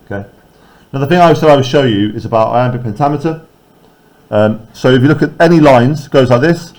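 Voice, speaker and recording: A man's voice: mid-range voice, lively intonation, brisk, darkish tone. A man teaching a poetry lesson to a class. He talks in an explanatory way and keeps checking that the students are following. He taps out rhythms aloud as he goes.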